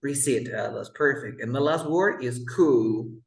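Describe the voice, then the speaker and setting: Slow, patient male English tutor. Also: medium pitch, expressive. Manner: patient, repeats words slowly for the student. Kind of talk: online one-on-one English lesson. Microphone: video call. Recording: roomy echo.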